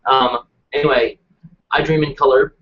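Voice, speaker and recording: A man's voice: mid-range voice, steady tone, normal speed. A man chatting casually on a live stream, rambling and self-deprecating. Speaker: show regular. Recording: dull lo-fi webcast audio.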